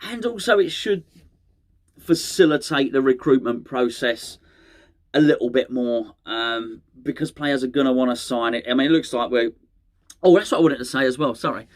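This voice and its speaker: A man's voice: medium pitch, normal speed. A middle-aged man, hosting a fan channel in rambling, chatty solo talk that often corrects itself mid-sentence. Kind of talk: casual solo fan chat to camera.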